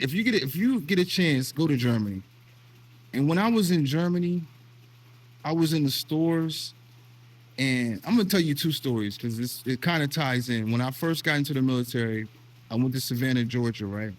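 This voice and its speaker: A man's voice: mid-range voice, expressive, moderate pace, pauses often. Earnest American man telling stories. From United States. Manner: earnest storytelling, emotional, with repeated restarts. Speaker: vlog host. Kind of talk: casual conversation.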